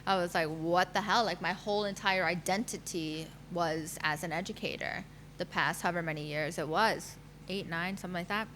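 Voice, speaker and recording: Bright-voiced woman telling her story. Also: fairly low pitch, fairly even intonation, normal speed, slight background noise. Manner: candid, emotional storytelling with fillers and laughs. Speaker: guest, matchmaker. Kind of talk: personal story in a podcast interview.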